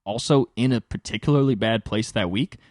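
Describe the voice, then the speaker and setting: A young man hosting his own podcast, telling a rambling story in casual, profane storytelling with sudden jumps in pitch for emphasis. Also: fairly quick, dry recording, studio quality. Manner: animated, swears freely, pitch jumps high for emphasis. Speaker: podcast host and stand-up comic.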